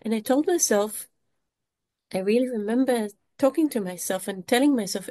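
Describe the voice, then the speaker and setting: Woman recounting with halting intensity. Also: a little high, mellow. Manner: halting, repeats and restarts words, pleading. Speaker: speaker giving a personal testimony. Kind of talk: emotional first-person testimony.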